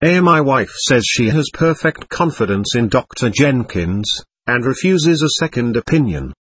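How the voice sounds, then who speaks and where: A man's voice: medium pitch, very animated, moderate pace, fairly bright tone, breathy edge. A man reading the lines of an anxious, brusque husband in clipped, frantic phrases. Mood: exasperated. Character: agitated middle-aged husband, brusque and anxious.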